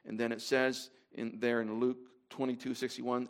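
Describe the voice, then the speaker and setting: A man's voice: mid-range voice, little pitch movement, moderate pace, smooth. A man preaching to a congregation in a conversational way, with fillers and restarts as he reads scripture aloud. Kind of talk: sermon.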